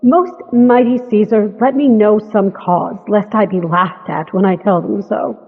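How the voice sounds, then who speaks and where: A woman playing a cunning, flattering Roman conspirator in an audio drama, speaking in a confident, smooth-talking way. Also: mid-range voice, measured pace. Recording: lo-fi with long reverb.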